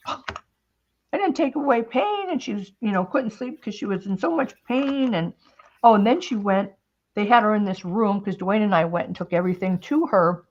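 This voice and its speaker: Rambling chatty woman, slightly muffled. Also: on the high side. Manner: rambling storyteller, many restarts. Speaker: host. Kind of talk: casual chat while crafting.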